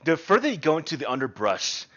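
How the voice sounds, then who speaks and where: Animated man running a tabletop game. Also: on the high side, fast talker, dull audio. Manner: lively descriptive narration with frequent fillers. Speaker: game master.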